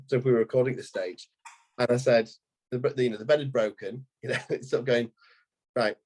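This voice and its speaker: Podcast guest: husky man in his thirties, storytelling, restarts often. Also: mid-range voice, a little mellow. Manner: rambling anecdotal, frequent restarts. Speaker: estate agency owner.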